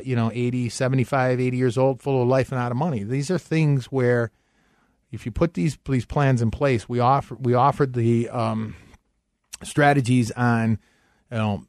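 Man hosting a finance radio show, upbeat sales pitch, dry close mic. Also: steady tone, a little mellow, no echo. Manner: upbeat pitch, repeats phone number slowly.

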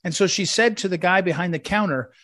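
A man's voice: high-pitched, brisk, fairly bright tone, dry recording, studio quality. A man hosting a commentary segment, telling rambling, anecdotal stories in a eulogy style. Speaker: commentary host.

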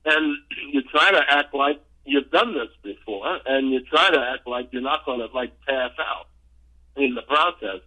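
Bright-voiced older man telling stories. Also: mid-range voice, moderate pace, slightly rough, poor audio. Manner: rambling, lively storyteller with many fillers and restarts. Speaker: former pro baseball player, interview guest. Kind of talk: relaxed anecdotal storytelling.

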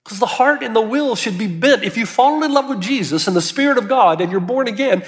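A man's voice: very high-pitched, lively intonation, a little fast, big-room sound. A man preaching a sermon as pastor, earnest and emphatic, with urgency that builds as he presses his points.

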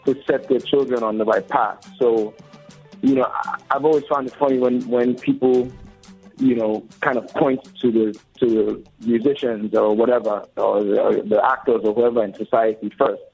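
A man's voice: medium pitch, fairly even intonation, moderate pace, vocal fry, darkish tone, husky. A man in his forties, a record label co-founder, talking earnestly and reflectively as an interview guest. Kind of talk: casual interview talk. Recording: dull lo-fi audio with faint music.

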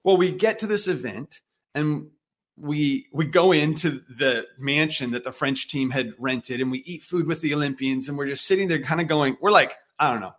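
A man in his thirties tells a story as a podcast guest, his voice sitting a little higher than most men's. He slips into quoted dialogue and plays out each exchange with energy. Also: normal speed, a bit bright. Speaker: guest, missionary musician. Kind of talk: casual storytelling interview.

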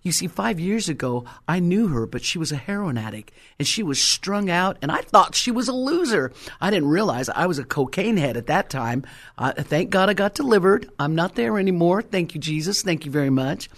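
A woman's voice: fairly low pitch, lively intonation, brisk. An older woman giving a personal faith testimony, telling her story emphatically and acting out the quotes. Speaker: Christian testimony speaker.

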